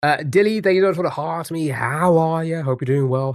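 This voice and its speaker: A man's voice: fairly high pitch, brisk, few pauses, dry recording, clean studio sound. A man streaming live, chatting casually with viewers and thinking aloud while guessing words. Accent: non-American English.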